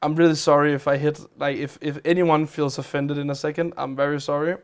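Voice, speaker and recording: A man's voice: fairly high pitch, little pitch movement, brisk, smooth. A man hosting a game live stream, chatting casually as he plays, with a chatty, rambling manner. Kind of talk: casual live-stream chat while playing games.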